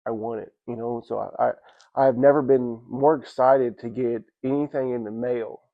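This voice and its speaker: A man giving a casual personal testimony at church, telling it in a halting, rambling way with many restarts and "you know what I'm saying.". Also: mid-range voice, steady tone, creaky, phone-quality sound.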